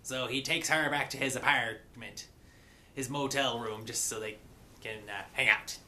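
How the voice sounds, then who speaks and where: A man recapping and reviewing a cartoon episode in a loose, chatty way. His voice is bright and forward. He sprinkles in mock pirate grammar and filler sounds. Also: medium pitch, fairly even intonation, a little slow.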